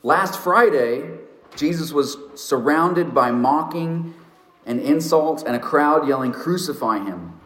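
Male pastor, slightly high voice, earnest story-driven sermon, echoey sanctuary sound. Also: a bit bright. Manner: earnest storytelling preacher, slows for emphasis. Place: church sanctuary.

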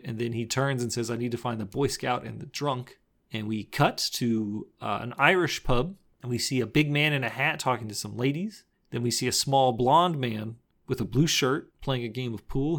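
A man's voice: medium pitch, a bit bright. A man in a mid-range voice talks through a movie plot in casual podcast chat. He rambles, backtracks, and laughs often as he retells the scenes. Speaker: podcast co-host.

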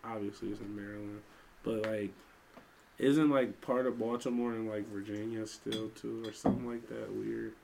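A man's voice: fairly low pitch, steady tone, normal speed, vocal fry, noisy background. A young man hosting a podcast in loose casual chat, rambling and trailing off into mumbles. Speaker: podcast host.

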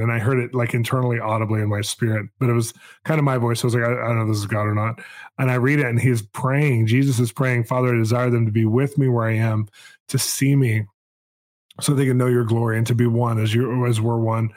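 A man's voice: medium pitch, steady tone, fairly quick, darkish tone. A man hosting a podcast, sharing his personal faith testimony in an earnest storytelling way with frequent restarts. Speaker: podcast host.

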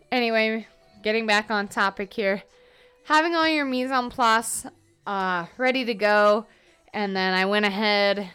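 A woman's voice: medium pitch, fairly bright tone, smooth. A tired young woman talking through her workday on a solo podcast, rambling off topic with lots of fillers. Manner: rambling, self-interrupting with fillers. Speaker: podcast host. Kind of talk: casual solo podcast monologue.

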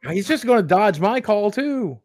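A man's voice: high-pitched, animated, moderate pace, a little mellow, soft background music. A man co-hosting a live stream, chatting casually and coaxing the others along.

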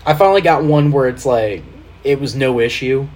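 A man hosting a casual podcast chat, animated, swearing freely and laughing while he directs the video playback. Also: mid-range voice, normal speed. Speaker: podcast host.

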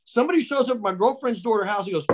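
A man's voice: very high voice, racing, background noise. A man telling a story in a casual podcast chat, restarting his sentences and repeating words as he goes. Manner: rambling, repeats words, acts out quoted voices.

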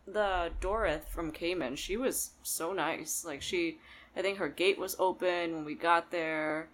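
A speaker in casual chat, recounting a trip in a relaxed way with pauses and fillers. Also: medium pitch, a little hiss or hum. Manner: relaxed, thoughtful, hesitant.

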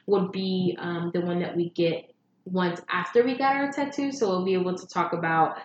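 A woman's voice: fairly low pitch, moderate pace. Tipsy podcast lady chatting, kinda roomy and dull sound, a bit of noise. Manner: tipsy, relaxed, many fillers. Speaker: podcast co-host. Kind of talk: casual chat.

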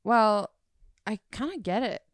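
A woman in her thirties hosting a podcast, chatting in a relaxed way with many "like"s. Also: mid-range voice, unhurried, no room sound. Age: 30s. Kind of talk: casual chat.

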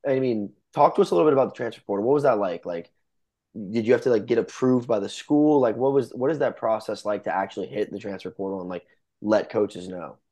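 A young male podcast host with a somewhat low voice keeps the chat loose and jokey. He swears casually and asks his guest questions in an offhand, friendly way. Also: fast talker, dark tone. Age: young adult. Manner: loose, joking, swears freely.

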